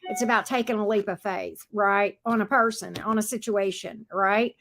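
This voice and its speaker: A woman's voice: medium pitch, fairly even intonation, normal speed, fairly bright tone. A woman hosting a live tarot reading stream, chatting casually with viewers, greeting them by pet names and talking through the cards with many fillers and restarts.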